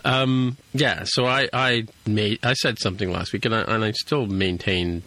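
A man's voice: on the low side, steady tone, normal speed, sharp tone, no room sound. A man co-hosting a podcast in casual chat, rambling with many restarts. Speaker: podcast co-host.

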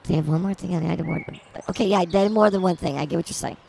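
A woman's voice: on the low side, racing, creaky, darkish tone, a little hiss or hum. A woman co-hosting an improvised comedy podcast outdoors at a zoo, rambling in silly, mock-defiant banter. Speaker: podcast co-host.

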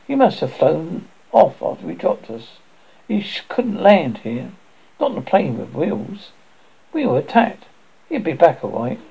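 A man reading a self-assured, offhand schoolboy, keeping him lightly boyish. His voice is dark and husky with a gravelly edge. The recording is muffled and lo-fi. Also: a little high, very animated, a little slow, pitched above the performer's own voice, exaggerated voice. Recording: dull lo-fi recording.

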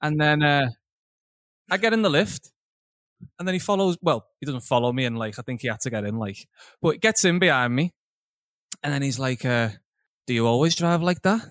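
A man's voice: medium pitch, expressive, brisk, pauses often, a bit bright, dry recording, clean studio sound. A young man telling a crude, laughing anecdote on a podcast recorded from home. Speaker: podcast co-host. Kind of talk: casual chat, storytelling.

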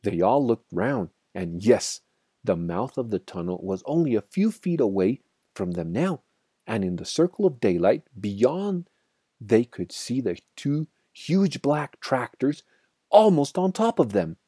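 A man reading a children's storybook aloud in an expressive, dramatic way. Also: lowish voice, measured pace, breathy edge, no room sound, clean studio sound.

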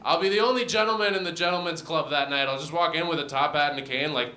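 A young man performing a stand-up comedy set with a deadpan, self-deprecating delivery. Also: on the high side, fast, hardly any pauses, slight background noise. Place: comedy venue with audience. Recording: roomy venue sound.

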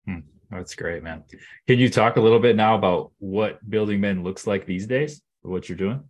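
Husky low-voiced male podcast host. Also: moderate pace, a little mellow. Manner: brief, sympathetic reactions. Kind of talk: casual interview chat.

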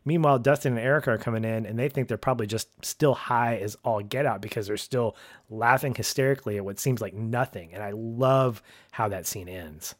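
Here a male podcast co-host, mid-range in voice and fairly quick, chats casually about a TV episode. He brings energy to it by acting out what the characters say, and the sound is clean studio audio with no echo.

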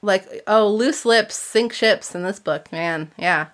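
Woman, podcast host, chatty, animated, book talk, mid pitch. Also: takes it slowly. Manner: animated, chatty, dramatic when reading. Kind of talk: casual book discussion and reading aloud.

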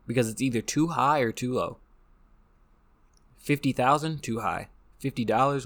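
A man's voice: mid-range voice, normal speed, long pauses, a bit bright. An American man hosting a casual monologue, rambling and joking with frequent restarts. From United States. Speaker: podcast host.

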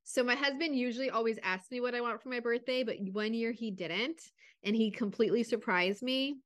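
A woman co-hosting a podcast, telling personal stories in an animated way and laughing often. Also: a little high, a little fast. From desert region. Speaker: podcast co-host. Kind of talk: casual storytelling.

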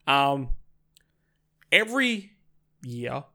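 A man chatting as a guest on a casual podcast, animated and full of restarts. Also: medium pitch, drawn-out words.

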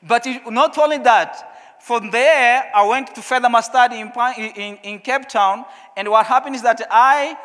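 A man with a Portuguese accent preaches in English, telling his story with lively, acted-out moments. His voice sits very high and sounds bright and forceful. A long reverb trails behind every phrase. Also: unhurried. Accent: Portuguese-speaking African. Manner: storytelling, animated, acts out his own past questions. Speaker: pastor. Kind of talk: sermon.

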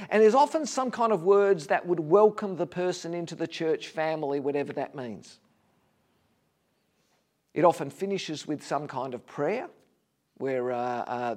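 Male pastor, casual preaching voice, pitched a touch high, asks the room questions. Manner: conversational, rhetorical questions, gently humorous. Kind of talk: sermon.

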